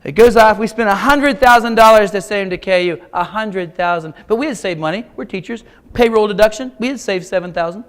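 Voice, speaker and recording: A man's voice: high voice, a little fast, clean tone. A middle-aged man from Kansas giving a keynote talk, telling folksy jokes and speaking straight to the audience. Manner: folksy, joking, audience-addressing. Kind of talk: motivational keynote storytelling. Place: large auditorium.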